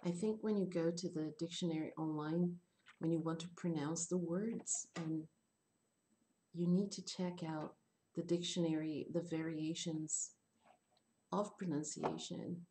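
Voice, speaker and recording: A woman teaching English in an online class, explaining slowly and rephrasing her points. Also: sits low, steady tone, dark tone, a little hiss or hum.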